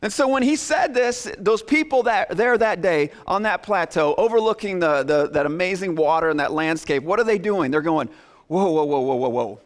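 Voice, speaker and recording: A man preaching a sermon as pastor, animated, acting out his listeners' reactions in quick asides. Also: high voice.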